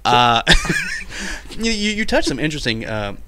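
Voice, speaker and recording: A man's voice: medium pitch, big pitch swings, unhurried, bright, forceful tone. A man co-hosting a casual round-table podcast, sarcastic and laughing often as he talks. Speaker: podcast co-host.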